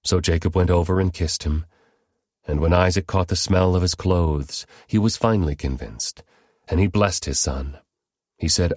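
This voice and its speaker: A man giving a measured, even scripted narration of a story. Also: low-pitched, dry recording, clean studio sound.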